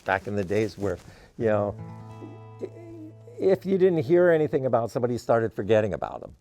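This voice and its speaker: A man's voice: fairly low pitch, sing-song, brisk, dark tone, soft background music. A man, a musician guest in an interview, telling stories in a rambling way with many "you know" fillers. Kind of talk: casual interview storytelling.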